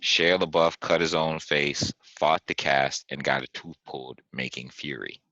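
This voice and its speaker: A man's voice: rumbling low, a little slow, dry recording, dull audio. A man hosting a podcast, chatting casually and telling stories with animation and frequent laughter. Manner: animated storytelling, laughs often. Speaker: podcast host. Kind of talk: casual chat.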